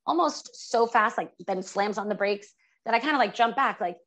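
Animated woman telling a personal story. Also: mid-range voice, moderate pace, rough recording. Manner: animated, vivid retelling with many fillers. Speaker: podcast guest.

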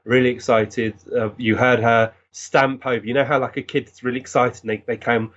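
A man's voice: mid-range voice, normal speed, highs cut off. Earnest man telling stories. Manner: earnest, animated, recounting with many restarts. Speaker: guest, physical medium. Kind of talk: storytelling in conversation.

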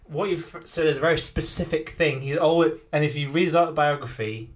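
A man's voice: fairly high pitch, brisk. A man co-hosting a casual comedy podcast, telling a story and reading quotes aloud.

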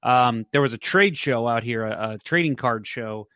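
A young adult man hosting a casual sports podcast, telling anecdotes in an animated way. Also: medium pitch, normal speed, dry recording, studio quality. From St. Louis, USA. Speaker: podcast host.

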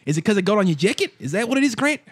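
A man's voice: sits high, big pitch swings, racing, dry recording, studio quality, pitched above the performer's own voice. A man voicing a menacing, condescending bald gang boss who lectures and taunts in a tabletop game. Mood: menacing taunting. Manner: taunting, lecturing, repeats the listener's name.

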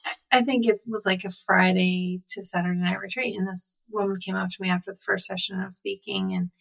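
A woman's voice: mid-range voice, steady tone, fairly quick, vocal fry, a bit bright, poor audio. A woman telling a story at an easy pace in a casual faith-themed conversation, with many fillers. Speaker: speaker on a faith podcast.

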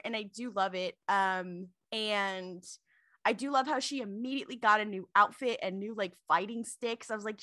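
A woman co-hosting a casual review podcast, talking in an animated way with lots of fillers. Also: medium pitch, normal speed, no echo. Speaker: podcast co-host.

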